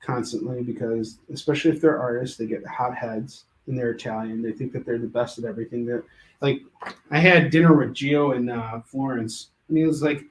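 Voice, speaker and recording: A man hosting a live comic book sales show, pitching books with joking, rambling asides. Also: brisk, a little hiss or hum. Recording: echoey room.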